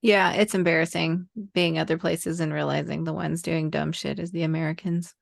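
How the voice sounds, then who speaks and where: A woman co-hosting a casual podcast chat, laid-back and quick to agree. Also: deep voice, steady tone, vocal fry, dry recording, clean studio sound. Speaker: podcast co-host.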